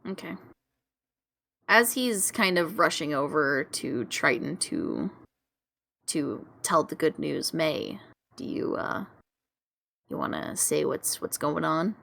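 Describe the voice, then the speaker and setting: Gravelly, bright woman player. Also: low-pitched, very animated, slow pace, long pauses. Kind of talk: casual tabletop game chat.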